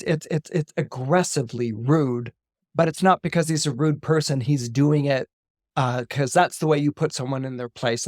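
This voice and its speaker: A man's voice: a little high, no room sound, studio quality. A man, an astrologer guest on a podcast, retelling a story with animation, often repeating words and acting out the dialogue.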